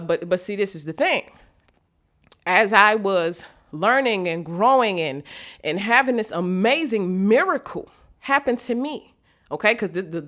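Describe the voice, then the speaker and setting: Woman vlogger, mid-range pitch, lively motivational storyteller who acts out quoted voices. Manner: slangy, direct address to viewers.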